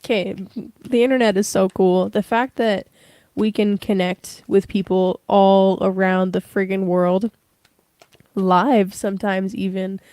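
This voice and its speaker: A woman's voice: mid-range voice, warm tone, no room sound. A young woman giving a casual livestream tarot reading, rambling with many fillers. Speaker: tarot reader.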